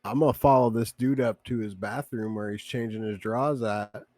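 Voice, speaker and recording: A man's voice: on the low side, fairly even intonation, normal speed, a little mellow, no room sound. A man playing in a tabletop game, chatting casually in a rambling, jokey way. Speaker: player.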